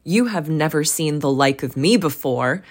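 A woman voicing a jolly, hearty male giant spirit who speaks loudly and grandly. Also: sits low, unhurried. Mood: jovial, grand. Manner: hearty, loud, commanding.

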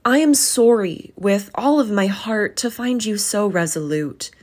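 A woman's voice: medium pitch, expressive, measured pace, darkish tone, voice pushed up. A woman doing a pleading, good-hearted young man. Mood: heartfelt. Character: earnest cheerful young man, warm-hearted.

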